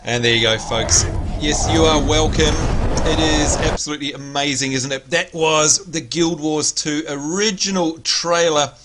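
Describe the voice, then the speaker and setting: An excitable man hosts a casual gaming livestream, calling out viewers by name as he talks. His voice is bright and forceful, pitched slightly high, with a little hoarseness. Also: measured pace, slight background noise. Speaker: livestream host.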